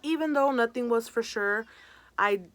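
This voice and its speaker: Young woman, casual storytime vlog, chatty, lots of "like", Spanish words mixed in. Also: a little high. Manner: chatty, fills every pause with "like"; mixes Spanish words into her talk. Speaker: vlogger.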